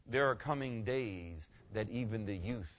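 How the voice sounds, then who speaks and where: A man's voice: on the low side, unhurried, fairly bright tone, dull audio, slight background noise. An older man preaching a conversational sermon as a pastor, folksy and rambling, often asking "okay?".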